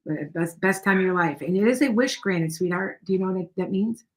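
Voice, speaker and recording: A woman's voice: medium pitch, brisk. A middle-aged woman hosting a casual livestream tarot reading, rambling and reassuring viewers by name. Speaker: tarot reader and livestream host.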